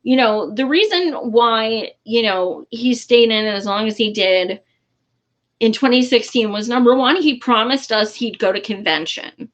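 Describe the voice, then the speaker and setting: A woman vlogging her political commentary, blunt and exasperated, swearing freely and filling pauses with "um." Her voice sits a bit high and she talks slowly. The audio is dull and muffled. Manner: frustrated, blunt, swears freely, many fillers. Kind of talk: casual vlog commentary.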